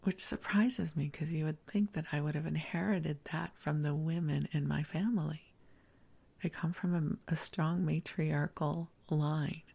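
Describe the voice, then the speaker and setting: A middle-aged woman hosting a sleep podcast, rambling softly in a half-whisper and laughing at herself. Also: low voice, fairly even intonation, unhurried, vocal fry, husky. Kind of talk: soft bedtime rambling.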